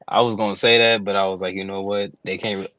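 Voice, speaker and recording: A man's voice: low voice, flat delivery, fast talker, dry recording, muffled recording. Rambling male podcast co-host. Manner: rambling, lots of "you know" fillers. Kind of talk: casual chat.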